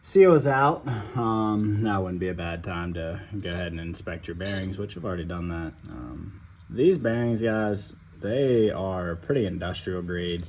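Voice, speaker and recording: A man with a fairly low voice talks viewers through a truck repair in a garage. His delivery is casual and loose, full of fillers, and there is a faint noise behind him. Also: measured pace, a little mellow. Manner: chatty, loose, addresses viewers as guys, many fillers. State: out of breath at times. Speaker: DIY mechanic. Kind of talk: casual how-to narration while working. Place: home garage.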